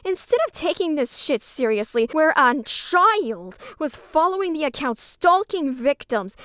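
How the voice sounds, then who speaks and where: A woman's voice: sits high, dry recording, clean studio sound. A woman narrating an angry personal account, bitter and cursing.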